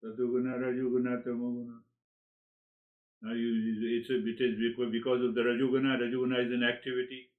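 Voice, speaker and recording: A man giving a spiritual lecture, animated, who acts out inner dialogues and often repeats words as he searches for the next one. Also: medium pitch, brisk, phone-quality sound. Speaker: spiritual teacher.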